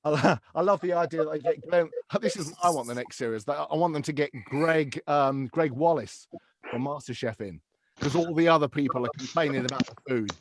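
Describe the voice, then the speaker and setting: A man, a comedian and voiceover artist, doing a stand-up set of impressions over a video call, switching fast between put-on voices and laughing at his own jokes. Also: a little high, a little hiss or hum.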